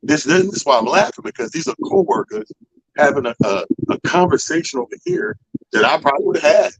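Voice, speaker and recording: On his radio talk show, a comedy show organizer spins a profane yarn, acting out other people's quotes with plenty of animation in a loose storytelling chat. His pitch is fairly high, his pace a little fast, and his voice has vocal fry. The rough recording carries a little hiss or hum.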